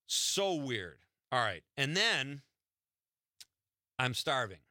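Animated, bright-voiced radio host telling stories. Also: male voice, medium pitch, slow, no echo, clean studio sound. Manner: animated, laughing anecdotes. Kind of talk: storytelling on talk radio.

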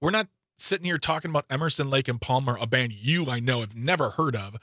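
A man's voice: quick pace, no echo. Playful male radio host, dry studio. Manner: animated, playful, wide swings in pitch. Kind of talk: casual radio chat. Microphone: studio microphone.

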